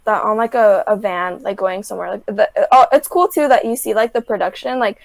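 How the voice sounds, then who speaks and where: A young podcast guest with a mid-range voice and vocal fry speaks briskly over a dry recording. Casually retelling a reality show, she drops "like" constantly and brings the story to life by acting out quotes.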